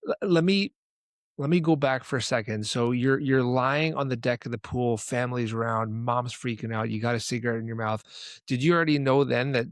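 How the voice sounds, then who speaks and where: A man's voice: mid-range voice, fairly quick, no room sound. Male podcast host with a mid-range voice who asks thoughtful, musing questions, recorded close and dry. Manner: reflective, thinks aloud while asking, with brief affirmations. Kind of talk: casual interview.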